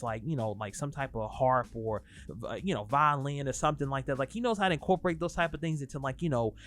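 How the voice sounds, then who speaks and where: A young man talking casually in a music review vlog, animated and profane as he rants. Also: fairly high pitch. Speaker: album reviewer.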